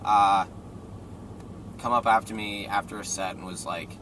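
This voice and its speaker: A young man, a comedian, chatting casually in a moving car, telling animated stories, acting out quotes and swearing freely. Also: fairly low pitch, unhurried. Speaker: stand-up comedian guest. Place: inside a car driving through a city. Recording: car and road noise.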